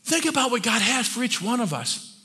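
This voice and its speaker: A man, a church elder, preaching a sermon with passion, moving from quiet talk to shouting and often restarting his sentences. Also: very high voice, big pitch swings, fairly quick, husky. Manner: many restarts and repeated words.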